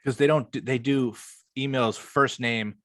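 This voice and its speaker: A man's voice: medium pitch, steady tone, normal speed, no room sound, studio quality. A young man co-hosting a podcast, talking in a loose, rambling way and swearing often. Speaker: podcast co-host. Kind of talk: casual chat.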